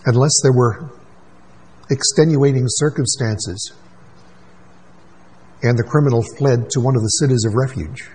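Male pastor, husky voice, emphatic sermon delivery with quick asides. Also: mid-range voice, a little mellow, rough recording.

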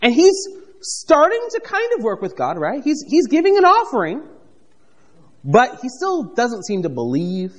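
A man preaching a conversational, animated sermon, reading scripture and acting out the characters with playful asides. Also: very high-pitched, unhurried, in a large hall. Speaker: pastor.

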